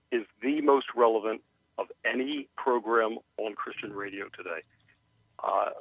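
A man's voice: medium pitch, no echo. Male radio caller, earnest and encouraging, thin telephone sound, dry. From Maryland. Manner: earnest, encouraging, with frequent uhs. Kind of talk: phone call to a radio show. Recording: tinny phone line.

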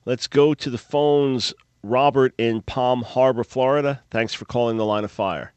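A male talk radio host works through a listener's Bible question with measured, careful explanation. His voice sits at an ordinary middle pitch. The sound is dry and close. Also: darkish tone, smooth, no room sound, dull audio. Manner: measured, explanatory, thoughtful pauses. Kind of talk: call-in radio Bible answers.

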